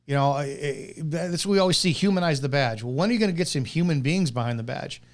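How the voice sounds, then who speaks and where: Male host, former cop, slightly higher voice, blunt and profane, rants and restarts himself as he reacts to a clip. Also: fast talker. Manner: blunt, profane, indignant ranting with many restarts. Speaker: host of a police commentary show. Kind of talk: reacting to a played video clip with commentary.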